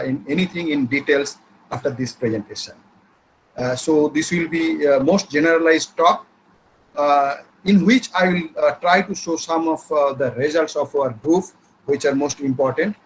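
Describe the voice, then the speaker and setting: A man with an Indian English accent giving an academic lecture, explaining step by step with frequent pauses and hesitations. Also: a little high, a little hiss or hum, low-quality recording.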